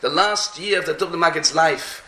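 A man delivers a sermon, telling stories in an animated way and often repeating himself mid-sentence. His voice sits high and sounds bright and sharp. The room around him is noticeably echoey. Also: normal speed. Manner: animated, repeats phrases, mixes in Hebrew and Yiddish terms. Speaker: rabbi giving a talk. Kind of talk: sermon with storytelling.

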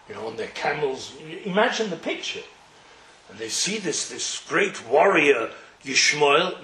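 A man giving a storytelling Torah lecture, acting out the characters' dialogue with humorous asides. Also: medium pitch. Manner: animated, acts out dialogue in voices, humorous asides. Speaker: Torah teacher. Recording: echoey room with faint noise.

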